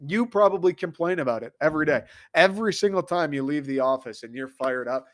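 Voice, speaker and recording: Young guy doing a worked-up comedy rant, kinda high voice, keeps going "dude" in disbelief. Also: lively intonation, brisk. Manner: exasperated, incredulous, riffing with acted-out quotes.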